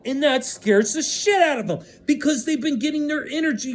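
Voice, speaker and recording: A man in an unscripted vlog monologue, ranting with lots of swearing and swinging between loud outbursts and hushed stretches. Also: very high voice, moderate pace. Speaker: vlogger.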